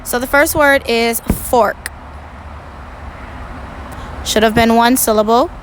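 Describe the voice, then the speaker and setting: A woman teaching first grade, giving a recorded lesson for parents and students in a slow, clear and instructive way, stressing words for young pupils. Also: fairly high pitch, slight background noise, low-quality recording.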